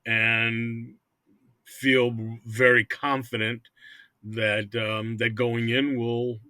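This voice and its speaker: A man's voice: mid-range voice, flat delivery, very slow, sharp tone, no room sound. An older man who owns hockey teams, talking casually in an interview, rambling and often repeating words. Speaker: hockey team owner.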